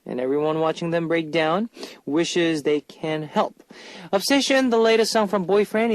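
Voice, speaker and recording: A man hosting a radio music show, announcing in a lively, chatty way. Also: high-pitched, no echo.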